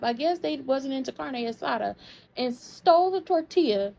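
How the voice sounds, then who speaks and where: A woman's voice: high-pitched, animated, moderate pace, creaky, dark tone. A woman hosting a soap opera recap in casual commentary, sassy and slangy as she tells stories. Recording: dull lo-fi sound.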